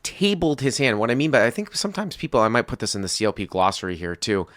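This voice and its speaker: A man's voice: mid-range voice, sing-song, fast talker, fairly bright tone, no echo, studio quality. A male podcast host talking through a poker hand, methodically restating each bet and action. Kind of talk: casual poker discussion.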